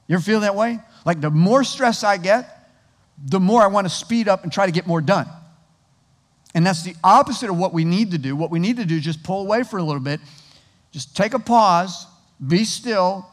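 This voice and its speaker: Male pastor, sermon, conversational storyteller with a fairly high voice and long hall reverb. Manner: conversational, animated storytelling with many restarts.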